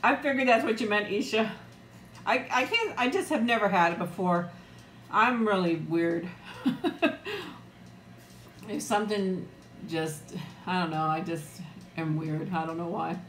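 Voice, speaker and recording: A woman's voice: mid-range voice, unhurried, pauses often, a bit bright, roomy sound, slight background noise. A middle-aged woman chatting casually on a live eating stream, greeting viewers by name and laughing often. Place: room at home. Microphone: new external mic, close.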